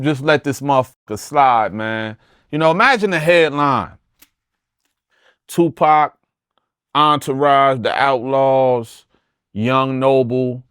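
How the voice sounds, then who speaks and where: A man's voice: mid-range voice, dry recording, studio quality. A middle-aged man telling a long story as an interview guest, profane and emphatic, often restarting his sentences. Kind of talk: animated storytelling.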